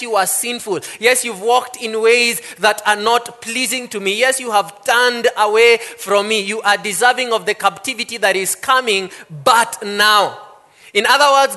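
Man, pastor, sermon, high voice, bright tone, emphatic delivery. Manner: reads scripture then preaches with slow, emphatic stresses.

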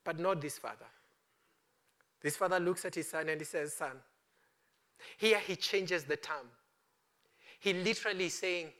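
A male preacher delivers an impassioned sermon in a high-pitched, sharply bright voice. He swings between ringing declarations and hushed, pleading appeals. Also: a little slow, pauses often.

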